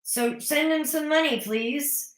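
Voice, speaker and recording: A woman's voice: high voice, slow. Chatty opinionated woman in an echoey room. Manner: chatty, opinionated, sarcastic asides. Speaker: recap vlogger. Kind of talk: casual recap chat. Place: home.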